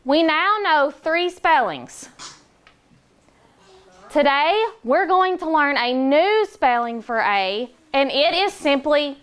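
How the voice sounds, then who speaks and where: A woman teaching a classroom phonics lesson, patient and encouraging, slowing down to model words for the children. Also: high-pitched, animated.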